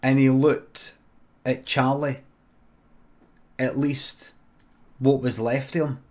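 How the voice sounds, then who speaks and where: Scottish guy making up a grim story live, deadpan, stops and restarts a lot. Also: mid-range voice, slow. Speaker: streamer. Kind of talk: improvised comic storytelling.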